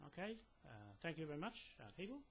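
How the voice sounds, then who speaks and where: Slight background noise accompanies a man whose voice is a little high and fairly bright, with lively intonation and a quick pace. A land claimant, he speaks to camera to a police detective inside a building, rambling with many fillers and restarts, insistent and lecturing.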